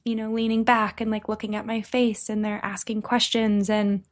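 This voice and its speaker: A woman's voice: mid-range voice, little pitch movement, normal speed. A woman co-hosting a podcast, explaining in an earnest, casual way. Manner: earnest, explanatory, drops to a soft gentle voice at times. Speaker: podcast co-host. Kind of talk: casual chat.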